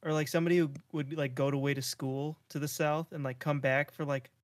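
A man's voice: a little high, flat delivery, quick pace, no echo. A young man co-hosting a podcast, chatting casually in an easygoing, teasing way. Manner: easygoing, laughs often, teasing. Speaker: podcast co-host. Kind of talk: casual chat.

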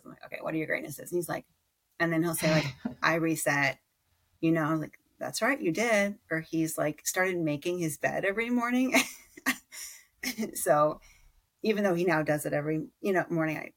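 A woman in her thirties with a low voice and a gravelly fry running through it. She talks candidly and thoughtfully about her own parenting, stopping to restart and fill pauses as she goes. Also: fairly bright tone. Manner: candid and reflective, with frequent fillers and restarts. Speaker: podcast guest. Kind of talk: conversational interview.

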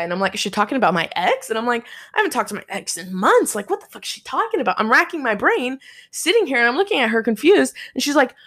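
Young woman ranting thru a story, cursing a lot, kinda high voice, acts out everybody's lines. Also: fast. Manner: profane, animated, quotes people in their voices. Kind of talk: casual storytelling chat.

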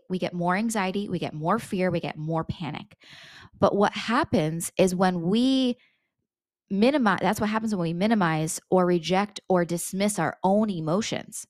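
A woman's voice: mid-range voice, no echo, studio quality. A woman talking in a casual, earnest way about handling emotions, repeating phrases and swearing now and then. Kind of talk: casual spoken advice monologue.

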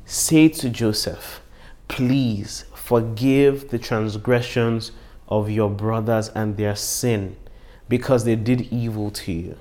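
A male pastor preaching a sermon, lively, with hushed moments and loud, emphatic stretches. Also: on the low side, slow.

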